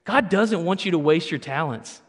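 A man's voice: on the high side, lively intonation, moderate pace. A man preaching a sermon as pastor, conversational with playful asides. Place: church sanctuary. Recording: long reverb of a church hall.

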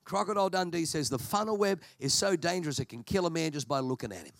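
Male preacher from Australia, lively and joking sermon delivery, slightly high voice, dry close sound. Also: fast talker, dry recording. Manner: animated, storytelling, humorous. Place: church service.

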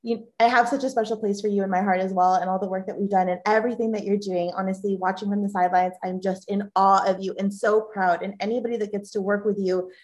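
A woman's voice: mid-range voice, fairly even intonation, quick pace, few pauses, a little mellow. A woman lawyer guesting on a podcast, emotional and grateful at first, then explaining business law plainly. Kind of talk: casual podcast interview.

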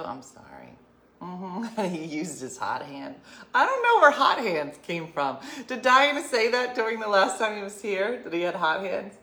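A woman's voice: lowish voice, sharp tone, reverberant. Laughing, chatty woman hosting a live stream. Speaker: host of an online show. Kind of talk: casual live-stream chat.

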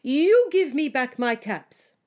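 A woman doing a scolding, shouting peddler. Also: high voice, very animated, takes it slowly, exaggerated voice. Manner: loud, scolding. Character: frustrated male cap peddler shouting.

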